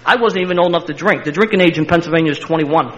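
Older Philly man spinning a fast yarn. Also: fairly high pitch. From Philadelphia. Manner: animated, laughing storyteller with a street-tough edge. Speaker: interview guest. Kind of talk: personal storytelling. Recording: slightly muffled recording.

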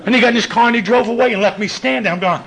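An older man, telling profane stories to a laughing recovery-meeting audience in a gruff voice. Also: racing. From New York. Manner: gruff and profane, with big swings in pitch and loudness. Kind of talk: storytelling talk to a live audience.

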